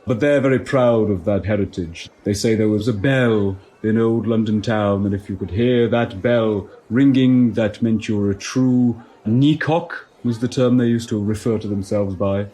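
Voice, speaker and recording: A man's voice: lowish voice, normal speed, hardly any pauses, dark tone, lightly acted. A man playing a pompous, self-assured tour guide in a comedy audio sketch.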